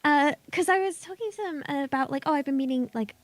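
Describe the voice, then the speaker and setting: Woman guest, high bright-pitched chatter, animated, acts out every quote. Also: a little fast. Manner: animated storyteller, acts out quotes, laughs a lot. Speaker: guest, voice actor. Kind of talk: casual chat.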